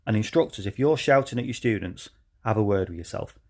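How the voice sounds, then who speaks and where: Gravelly driving instructor. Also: male voice, on the low side, lively intonation, a little fast, darkish tone. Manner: chatty, earnest, with many ums. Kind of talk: casual talk to camera.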